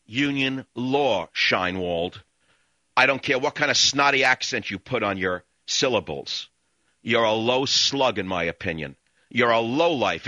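A man's voice: medium pitch, sharp tone, dry recording, muffled recording. A man hosting a radio talk show, ranting angrily and hurling insults in a repetitive tirade.

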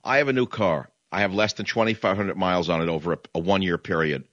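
A combative man hosts a talk radio show and rants in a sarcastic monologue. His voice is low and sits forward and bright. It is close and dry, with the dull, lo-fi sound of a radio broadcast. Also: quick pace, no echo. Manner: combative, ranting, sarcastic asides.

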